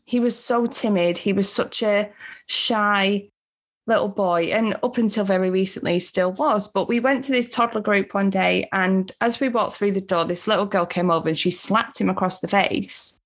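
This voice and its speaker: A woman's voice: medium pitch, normal speed. A woman in her thirties chatting candidly and telling a personal story in a casual conversation. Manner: candid, storytelling, laughs easily. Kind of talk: casual chat.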